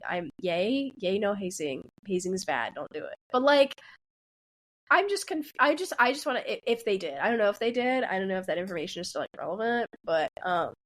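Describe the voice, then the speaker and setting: A woman in her twenties co-hosting a podcast, talking in a rambling, animated way with many restarts. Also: medium pitch, a little fast. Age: 20s. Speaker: podcast co-host. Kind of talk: casual chat.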